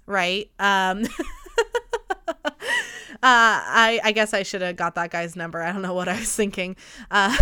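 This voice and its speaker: A woman's voice: medium pitch, sharp tone, clear, resonant tone. A woman in her late twenties hosting a podcast in casual chat, gossipy, rambling and swearing freely, her voice stuffy and nasal from a cold. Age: late 20s. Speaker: podcast host.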